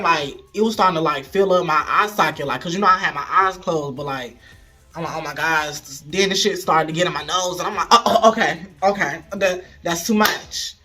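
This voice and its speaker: Bright-voiced man telling a frank story. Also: on the high side. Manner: animated, frank, talks straight to viewers. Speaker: storyteller vlogger. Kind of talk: casual storytime vlog. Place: at home.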